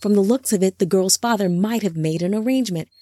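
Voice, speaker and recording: A woman's voice: mid-range voice, quick pace, dark tone, dry recording, studio quality, natural voice. A woman voicing an earnest, worried male angel who speaks urgently and a little indignantly, in a storybook reading.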